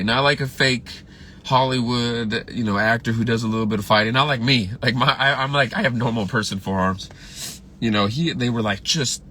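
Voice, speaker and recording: A man's voice: medium pitch, sharp tone. Guy rambling through old set stories, lots of ums and restarts, a bit emotional, faint hiss behind him. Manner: rambling, halting, with many fillers and restarts. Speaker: filmmaker recalling a late colleague. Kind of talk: casual livestream storytelling.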